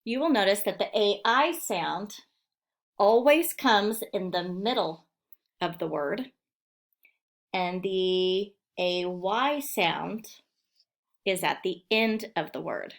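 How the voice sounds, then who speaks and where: A woman teacher talks young children through a phonics lesson recorded for home learning. She speaks slowly and clearly and stretches out the sounds in each word. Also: medium pitch, animated. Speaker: elementary school teacher.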